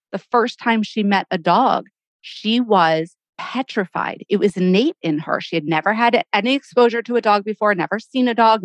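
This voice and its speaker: A woman's voice: medium pitch, no echo. A woman co-hosting a casual chat show, answering with supportive, reflective stories of her own. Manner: supportive listener, reflective, plays out quotes. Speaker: podcast co-host.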